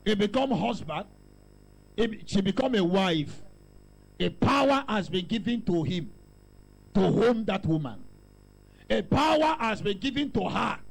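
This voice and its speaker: A male pastor with a Nigerian accent preaching loudly, mixing in pidgin asides and calling out to the congregation. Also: sits high, vocal fry, husky, low-quality recording. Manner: shouting, call-and-response preaching with pidgin asides. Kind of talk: preaching sermon.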